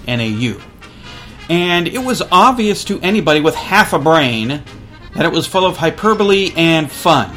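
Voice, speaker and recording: A man's voice: fairly high pitch, a bit bright. A man hosting a college radio show, telling a story casually and acting out other people's lines.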